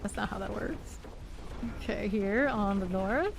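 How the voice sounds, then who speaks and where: A woman's voice: medium pitch, measured pace, creaky, noisy background. Woman streamer talking while gaming, laughs a lot, goes "oh no no no". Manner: chatty, laughs often, playful exclaiming. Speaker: game streamer. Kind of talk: casual chat while live gaming.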